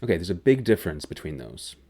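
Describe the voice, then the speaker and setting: A man teaching a grammar lesson, explaining slowly and clearly. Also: low voice, sing-song, darkish tone. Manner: slow, clear, deliberate explanation. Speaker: English teacher.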